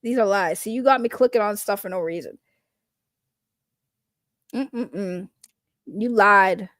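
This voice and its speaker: A woman livestreamer from outside the US chatting casually with her viewers, joking around and trailing off into quiet asides. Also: mid-range voice, slow pace, pauses often, no echo, clean studio sound. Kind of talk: casual stream chat.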